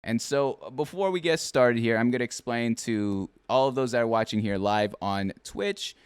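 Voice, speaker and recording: A man's voice: medium pitch, moderate pace, clean tone, no room sound. A man hosting a podcast, teasing his guest in a rambling casual chat. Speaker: podcast host.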